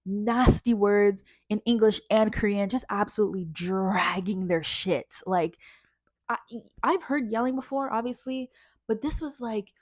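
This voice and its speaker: A young woman from Canada tells a story to camera in a casual vlog, with a lively delivery that slips into the voices of the people in her story. Her voice sits at an ordinary pitch for a woman and sounds close and dry, with no room echo. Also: unhurried. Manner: animated, acts out other people's lines. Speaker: vlogger telling a story.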